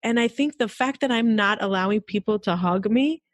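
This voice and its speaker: A woman in her forties hosts a casual interview, sharing personal stories with animated candor and frequent laughter. Her voice sits at an ordinary pitch and sounds dry and close, with no room echo. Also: moderate pace. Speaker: podcast host.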